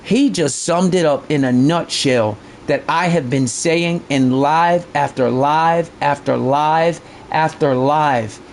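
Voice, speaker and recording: A man with a high voice streams a fishing game and talks straight to his chat. He is blunt and profane and circles back to the same point again and again. Faint ambient noise sits under his voice. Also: takes it slowly, few pauses. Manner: blunt, profane, repeats himself while ranting. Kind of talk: live stream commentary.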